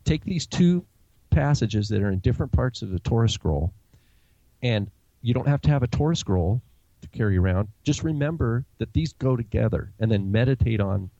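A man's voice: mid-range voice, animated, moderate pace, gravelly, dark tone, no room sound, dull audio. A man from the Pacific Northwest, with its accent, teaching on a podcast and explaining scripture while thinking aloud with many fillers. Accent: Pacific Northwest American. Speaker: co-host.

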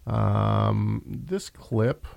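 A man's voice: lowish voice, very slow, creaky, no echo, highs cut off. A man hosting a casual religious discussion show, talking in a conversational way with frequent restarts. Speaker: host.

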